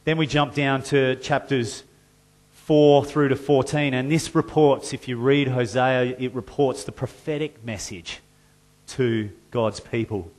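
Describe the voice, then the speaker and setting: A male pastor preaching a sermon, moving between conversational explanation and loud, forceful reading of scripture. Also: mid-range voice, fairly even intonation, measured pace. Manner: reads scripture loudly and forcefully, then drops to a conversational tone.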